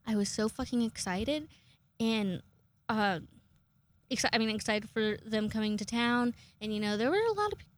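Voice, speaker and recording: Rambling, sweary young woman vlogger. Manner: rambling, sweary, self-mocking, breaks into high-pitched acted quotes. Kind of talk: casual chat to camera.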